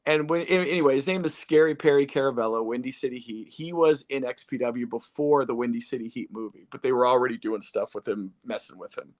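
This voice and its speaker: A man's voice: medium pitch, quick pace, hardly any pauses, darkish tone. A man hosting a casual interview, telling stories animatedly and addressing listeners as folks. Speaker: podcast host.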